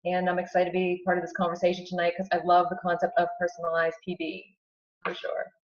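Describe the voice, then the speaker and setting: A woman's voice: fairly low pitch, monotone, fast. Distant woman in a roomy space. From near Pittsburgh. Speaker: Spanish teacher. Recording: distant, roomy, dull call audio.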